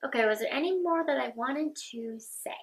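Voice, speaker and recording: Chatty young woman, higher voice. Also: normal speed, rough recording. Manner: chatty and heartfelt, earnest. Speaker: vlogger. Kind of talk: casual get-ready-with-me chat.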